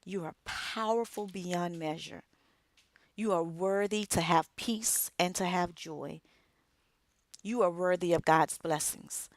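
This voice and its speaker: Slow, emphatic middle-aged woman speaker. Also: fairly low pitch, dry recording. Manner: emphatic, measured delivery with dramatic pauses. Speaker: author and radio co-host. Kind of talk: inspirational speech.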